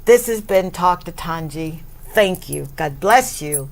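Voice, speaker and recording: A woman hosting a talk show, effusive and grateful, laughing often and breaking into high exclamations. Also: expressive, slow, a little hiss or hum. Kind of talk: warm talk show interview.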